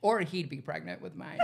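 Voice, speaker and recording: A woman's voice: on the low side, gravelly. A woman co-hosting a podcast, teasing and joking, laughing often in casual chat. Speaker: podcast co-host.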